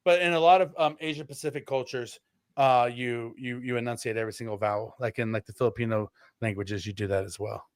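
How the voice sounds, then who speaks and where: Rambling man with a smooth, dry voice. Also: medium pitch, steady tone, fast, dry recording. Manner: rambling, filler-heavy, self-correcting. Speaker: podcast co-host. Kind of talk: casual sports podcast chat.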